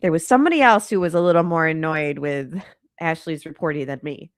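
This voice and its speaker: A woman's voice: low-pitched, brisk, no echo, clean studio sound. A congested woman hosting a true crime channel, talking in a chatty, rambling, exasperated way. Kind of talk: casual commentary on a live stream.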